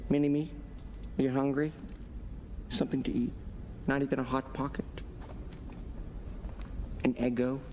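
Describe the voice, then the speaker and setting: An actor playing a pompous, scheming male supervillain who speaks deadpan with theatrical pauses. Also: mid-range voice, slight background noise, natural voice. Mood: smug. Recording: film audio with reverb and music.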